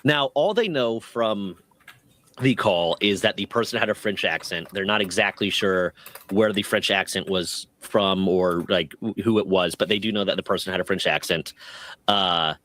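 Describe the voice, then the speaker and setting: Guy with a lower voice recapping a news story on stream, earnest and kinda sympathetic. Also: moderate pace, fairly bright tone.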